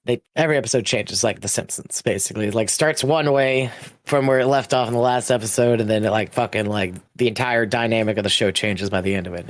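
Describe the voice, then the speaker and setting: A man's voice: fairly low pitch, no room sound. A young man co-hosting a podcast, rambling casually with lots of fillers and swearing, laughing as he retells a show. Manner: rambling, heavy filler use and swearing, laughs while telling. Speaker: podcast co-host. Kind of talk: casual chat.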